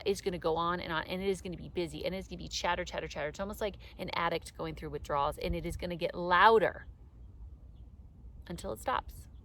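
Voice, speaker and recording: A woman's voice: fairly low pitch, background noise. Emphatic woman giving a motivational talk. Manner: emphatic and repetitive, with casual swearing. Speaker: motivational coach.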